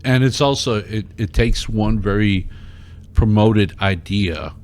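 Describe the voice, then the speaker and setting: A man with a deep, low voice joins a podcast discussion with brief, dry comments. A faint noise sits behind him. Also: slow, darkish tone. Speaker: podcast co-host. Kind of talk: casual discussion.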